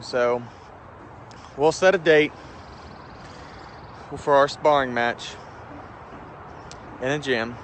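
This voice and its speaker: A man's voice: on the high side, a bit bright, a little hiss or hum. A man taunting a rival fighter in a cocky, mocking callout video. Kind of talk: trash-talk callout video.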